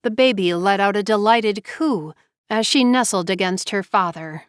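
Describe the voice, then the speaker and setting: A woman narrating a family saga audiobook in a measured storytelling delivery. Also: medium pitch, fairly bright tone, clean tone, no room sound, studio quality.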